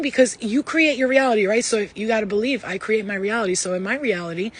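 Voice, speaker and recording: A woman giving a casual spiritual reading, rambling and emphatic, blunt and sometimes swearing, moving between loud urging and soft asides. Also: a little high, breathy edge. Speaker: spiritual reader. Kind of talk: casual channelled tarot-style reading.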